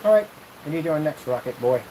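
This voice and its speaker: A man rambling through a casual vlog while testing projection screen paint, animated, jokey and full of tangents. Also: on the high side, fast, slight background noise, rough recording.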